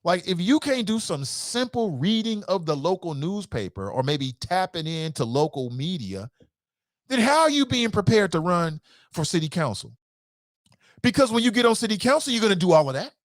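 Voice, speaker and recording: A man hosting a call-in talk show, giving blunt, passionate commentary with swearing, dropping to low mutters and rising to sharp outbursts. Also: big pitch swings, moderate pace, dry recording, clean studio sound. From Cincinnati. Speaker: show host.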